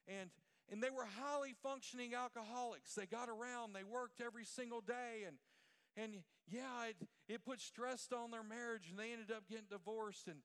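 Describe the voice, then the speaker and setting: A man's voice: high voice, moderate pace, fairly bright tone, smooth, in a large hall. A middle-aged man preaching a sermon as pastor, asking the congregation questions and waiting for the answer. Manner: preaching with call-and-response questions.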